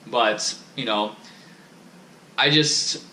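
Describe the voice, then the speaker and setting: A man's voice: mid-range voice, very slow, bright, forceful tone, roomy sound. A man vlogging in a casual, rambling monologue, profane and self-critical, with many restarts.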